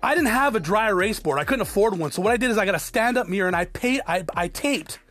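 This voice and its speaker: A man's voice: high voice, lively intonation, fast talker, fairly bright tone, no room sound. A man in his forties from South Tucson giving a blunt, profane motivational talk to his viewers. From South Tucson, Arizona. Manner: blunt, profane, preachy, addresses viewers as guys. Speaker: entrepreneur vlogger. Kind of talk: motivational monologue to camera.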